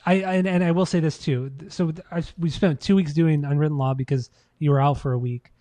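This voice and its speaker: A man with a slightly raised pitch and a mellow, darker tone talks through albums in a loose, rambling podcast chat. He curses freely and circles back on his own sentences. The recording is dry and close. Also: steady tone, brisk, dry recording. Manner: rambling, profane, loose opinions. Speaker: podcast co-host. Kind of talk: casual music review chat.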